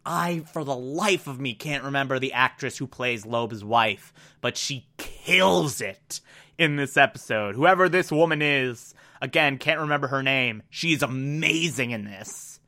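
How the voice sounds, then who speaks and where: Excitable bright-voiced man recapping. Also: medium pitch, measured pace. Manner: enthusiastic, rambling, laughs at himself. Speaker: TV episode reviewer. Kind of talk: casual recap monologue. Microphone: desk mic.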